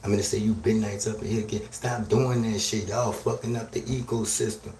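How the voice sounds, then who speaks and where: A man hosting a live stream, delivering a loud, crude, rambling rant and checking in with "you hear me?". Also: lowish voice, level tone, brisk. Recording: roomy echo, distant from mic, faint noise.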